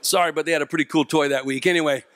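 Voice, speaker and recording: Animated, high-pitched male motivational speaker. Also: rapid-fire. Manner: animated storyteller, acts out voices and jokes. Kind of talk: comedic motivational speech to teens. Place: large auditorium with a young audience.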